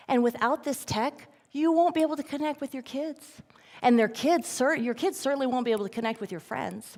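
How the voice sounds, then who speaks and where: A middle-aged woman gives an animated talk to parents at a church event and acts out the voices in her quotes. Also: on the high side. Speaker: guest speaker at a church event. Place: large church hall. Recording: long reverb from a church hall.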